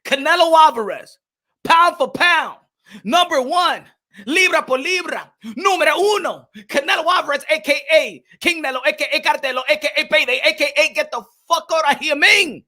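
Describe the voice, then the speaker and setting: A man hosting a boxing vlog with a high, bright, ringing voice. He delivers loud, energetic commentary, shouts out viewers and drops in Spanish phrases. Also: normal speed. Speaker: boxing channel host.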